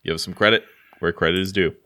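A man's voice: deep voice, steady tone, quick pace, noisy background. An American man co-hosting a podcast, chatting casually in a rambling, self-deprecating way with lots of restarts. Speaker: podcast co-host. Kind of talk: casual chat.

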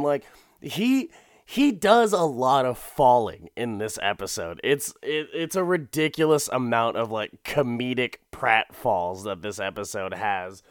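Young man giving a clear, casual recap. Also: medium pitch, no echo, studio quality. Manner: rambling and profane, with frequent laughs and restarts.

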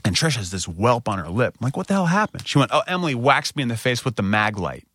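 A man in his thirties, a podcast co-host, telling a candid story and jumping up in pitch when he quotes himself. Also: fast. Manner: animated retelling, voice rising when quoting himself.

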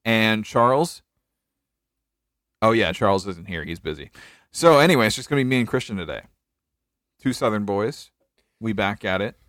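A man's voice: on the low side, lively intonation, normal speed, long pauses, a bit bright, no room sound, studio quality. A young man from North Carolina hosting a casual podcast, joking, laughing often and trailing off in restarts. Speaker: podcast host. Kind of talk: casual chat.

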